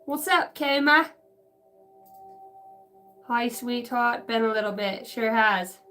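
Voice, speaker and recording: Rambling middle-aged woman, swears a lot, laughs between stories, fairly high voice, soft music behind. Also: takes it slowly. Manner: profane, laughs often, jumps between stories. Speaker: channeler and card reader. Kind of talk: rambling casual vlog chat.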